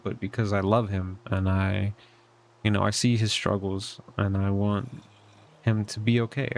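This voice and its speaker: An earnest young man talks through a personal update in a fairly low voice. He rambles and reflects, leaning on loose fillers as he thinks aloud from his bedroom at home. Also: creaky, darkish tone. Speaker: vlogger.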